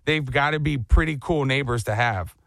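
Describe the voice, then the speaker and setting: A man's voice: medium pitch, moderate pace, vocal fry, fairly bright tone, no room sound. A man hosting a comedy talk show, riffing animatedly and slipping into silly put-on voices. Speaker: radio show host. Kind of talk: comedic radio banter.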